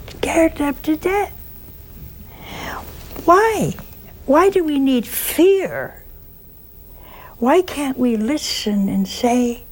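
Nun preaching: a woman, slow and deliberate, emphatic, folksy asides and rhetorical questions. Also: high-pitched, big pitch swings. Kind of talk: storytelling sermon.

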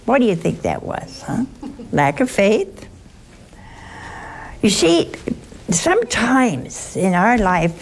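A woman's voice: a little high, a little mellow. An older woman teaching a Bible lesson, chatty and teasing, asking her listeners questions. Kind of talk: sermon-style Bible teaching.

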